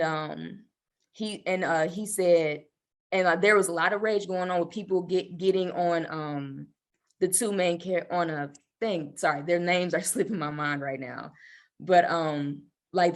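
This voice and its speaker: A woman panelist speaking fervently on a video call, rambling with lots of fillers. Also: on the low side. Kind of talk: impassioned casual talk.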